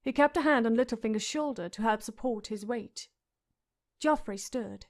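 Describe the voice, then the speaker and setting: A woman's voice: a little high, moderate pace. A woman reading a fantasy audiobook with dramatic narration.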